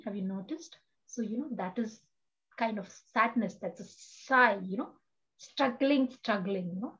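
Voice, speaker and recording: Woman teaching breathing over lo-fi video call. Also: on the high side. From India. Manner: earnest, rhetorical questions, frequent "you know". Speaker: yoga and meditation teacher. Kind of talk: guided breathing lesson.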